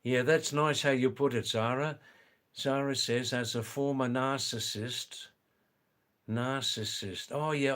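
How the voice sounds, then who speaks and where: An Australian man chats on a live stream and reads out his viewers' messages. His voice sits at an ordinary middle pitch. He explains things in a loose, rambling way. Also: a bit bright. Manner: chatty, reads viewer comments aloud, drawn-out explanations. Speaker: livestream host reading chat. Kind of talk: casual live-stream chat.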